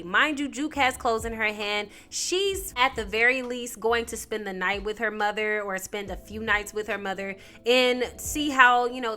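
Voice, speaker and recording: A woman hosting a casual TV episode recap, talking in a chatty, slangy, animated storytelling way. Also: medium pitch. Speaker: TV recap host.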